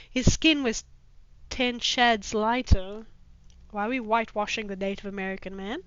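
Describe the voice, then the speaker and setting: High-voiced woman slowly reading cringe fanfic out loud, snarky swearing asides, dull dry mic. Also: smooth, dry recording. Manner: sarcastic asides, swearing, mock-dramatic voices. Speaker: streamer reading fanfiction aloud. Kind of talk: comedic dramatic reading with commentary.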